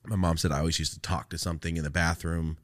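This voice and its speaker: A man's voice: sits low, fast. A young man from California, a podcast host, telling stories in casual chat, swearing constantly and laughing often. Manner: animated storytelling, laughs a lot, cusses constantly.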